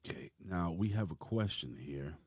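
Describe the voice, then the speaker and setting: Low-voiced dude hosting a wrestling podcast, rambly and loose, dry close mic. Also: male voice, animated, moderate pace, a little mellow, husky, no room sound. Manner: loose, rambling, swears casually. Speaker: podcast host. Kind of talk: casual wrestling review chat.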